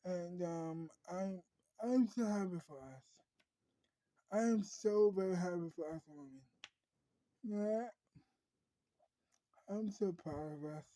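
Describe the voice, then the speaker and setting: A delighted adult woman who just won her own show, gushing and saying over and over how happy she is, played by a woman narrator. Her voice is low and dark, her pace unhurried. The sound is dry and close. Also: no room sound, rough recording. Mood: elated.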